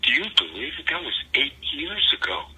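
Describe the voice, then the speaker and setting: An older man quoting a weary male rock star who confides his frustrations to a friend in a low, indignant voice. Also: very animated, moderate pace, pushed and bright, breathy edge, heavily acted, rough recording. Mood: confiding.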